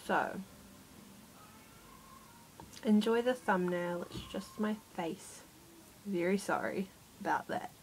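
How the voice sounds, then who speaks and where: A woman's voice: medium pitch, drawn-out words, long pauses, darkish tone, a little hiss or hum, low-quality recording. A woman vlogger telling a rambling, exasperated storytime about her day, self-mocking as she goes. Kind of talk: casual storytime monologue.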